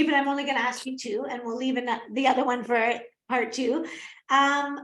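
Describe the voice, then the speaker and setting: A woman hosting a podcast interview, effusive and quick to exclaim, asking warm follow-up questions. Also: fairly high pitch. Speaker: podcast host and clinician. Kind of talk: casual interview chat. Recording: roomy echo.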